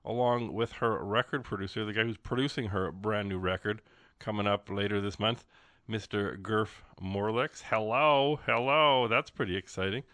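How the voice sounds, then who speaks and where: A man's voice: fairly low pitch, steady tone, moderate pace, fairly bright tone, dry recording. Rambling, jokey radio DJ man. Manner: rambling, jokey, many fillers and restarts. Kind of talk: casual radio show patter. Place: radio studio.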